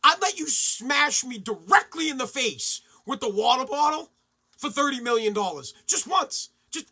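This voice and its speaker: A man hosting a podcast, ranting excitably and swearing freely in a casual style. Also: very high voice, moderate pace, slightly rough. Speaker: podcast host.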